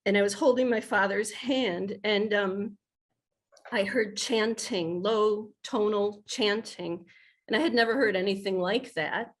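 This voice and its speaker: A woman's voice: medium pitch, unhurried. A woman in her fifties from the United States, a guest telling a personal spiritual story in an earnest, heartfelt way, often restarting her sentences. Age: 50s.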